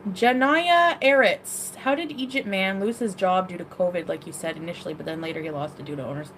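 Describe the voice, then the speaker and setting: A woman's voice: fairly low pitch, a little fast, a bit bright, slight background noise. A young woman talking casually to her viewers as an influencer, rambling with lots of "like" and restarts. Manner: rambling, full of "like" and trailing restarts. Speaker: social media influencer. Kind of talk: casual livestream chat.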